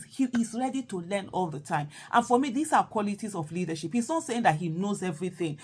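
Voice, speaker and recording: A Nigerian woman talks in a loose, animated monologue. She repeats herself for emphasis and drops Pidgin phrases into her English. Her voice sits at a middle pitch for a woman. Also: brisk, few pauses. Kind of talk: casual monologue.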